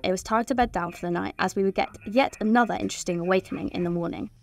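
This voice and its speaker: A teenage girl reads a scripted voice-over for her sailing vlog, telling the story in a plain, upbeat way. Her voice is mid-range and gravelly, and she races through it.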